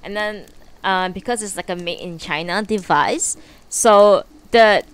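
A woman's voice: medium pitch, a little slow, clear, resonant tone. A woman live streamer chatting casually from her bedroom before a book reading, rambling and swearing freely with lots of fillers. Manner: rambling and profane, with many fillers.

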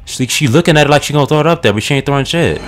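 A man's voice: fairly high pitch, rapid-fire. A young man doing let's play commentary, swearing a lot and talking at the screen. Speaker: gaming channel host. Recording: game music behind the voice. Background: game music.

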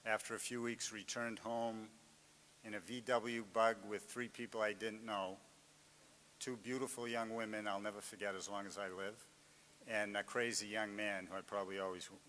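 A low-voiced man with a thick Boston accent talks earnestly, often starting over mid-sentence. His voice trails off into a long hall reverb. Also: little pitch movement, moderate pace, fairly bright tone, a little hiss or hum. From Greater Boston. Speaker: author. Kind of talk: reflective interview and address to students.

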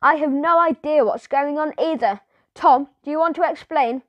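A woman playing an upbeat male schoolteacher with a high, bright voice, coaxing his class along in a teacherly way. The reading is dry and close. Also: moderate pace, no echo, highs cut off, close to an everyday voice. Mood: cheerful.

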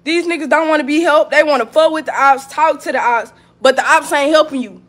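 A woman's voice: high-pitched, brisk, fairly bright tone. A woman on a live stream ranting heatedly and profanely, repeating herself and laughing between jabs. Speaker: livestreamer. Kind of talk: casual live-stream rant. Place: indoors at home. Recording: echoey room.

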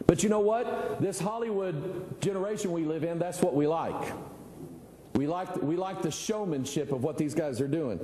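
Male pastor, higher-pitched, mellow tone, folksy sermon, echoey church hall, faint ambience. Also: a little hiss or hum. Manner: folksy, conversational preaching with rhetorical questions.

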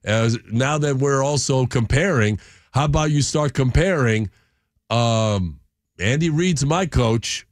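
A man playing a boastful star quarterback making a recruiting call, pitched a little up, dry studio. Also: lively intonation, slow pace, no room sound. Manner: boastful, persuasive.

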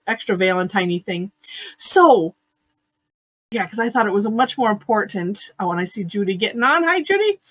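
A woman's voice: medium pitch, a bit bright, no echo. A woman hosting an online drawing class over a video call, chatty and giggly, with lots of fillers and restarts. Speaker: online art class host. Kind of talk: casual live-stream teaching.

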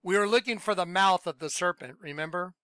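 Male host, high clear voice, emphatic, repeats himself. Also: a little fast, no room sound. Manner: emphatic, excitable, repeats points. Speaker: Christian video host. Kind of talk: excited religious commentary.

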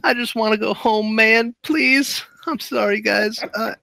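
A man voicing a frightened young captive who begs to be let go, repeating himself in a gravelly, whimpering plea. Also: high voice, fairly even intonation, measured pace, bright, forceful tone, no echo, full character voice. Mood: begging. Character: panicked young man begging to go home.

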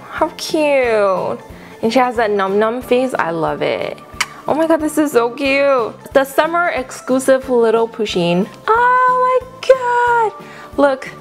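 A woman hosts a casual unboxing review, gushing over each item with gasps and delighted exclamations. Her voice sits a little high and she talks at an unhurried, drawn-out pace. Soft music plays faintly underneath. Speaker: unboxing channel host.

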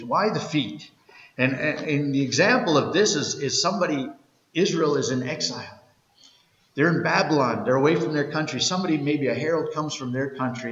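A middle-aged man preaching a sermon as pastor, telling stories in a conversational way and often restarting his words. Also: mid-range voice. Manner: conversational storytelling, repeats words when restarting. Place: church sanctuary. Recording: roomy church hall, dull lo-fi sound.

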